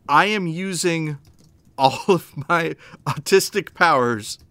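A man co-hosting a podcast in casual chat, explaining at length in an animated, rambling way with many restarts. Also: a little high, no echo. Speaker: podcast co-host.

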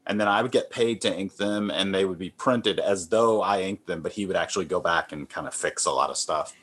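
A man, a comic artist guest, talking in a relaxed, rambling, self-deprecating way with many fillers and restarts. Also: low-pitched, brisk. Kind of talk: relaxed conversational interview.

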